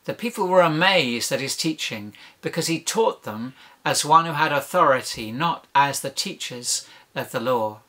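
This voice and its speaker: A man's voice: fairly high pitch, animated, moderate pace, hardly any pauses, bright, forceful tone. A man preaching a sermon, emphatic, building points with rhetorical questions and lists.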